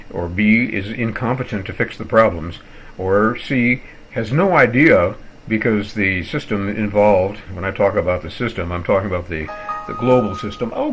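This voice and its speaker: A tired older man with a fairly low voice talks his way through a digressive, tongue-in-cheek rant, breaking off into theatrical asides as he clicks around on his computer. A faint ambient hiss sits under the recording. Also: a bit bright, low-quality recording. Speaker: vlogger ranting about his internet provider. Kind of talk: rambling screen-recorded rant.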